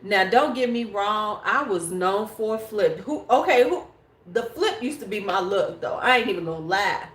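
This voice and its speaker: A woman's voice: mid-range voice, expressive, moderate pace, fairly bright tone. Blunt, cussing woman livestream host. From United States. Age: 40s. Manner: blunt, swears freely, talks straight to chat viewers. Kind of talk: casual livestream chat. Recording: echoey room.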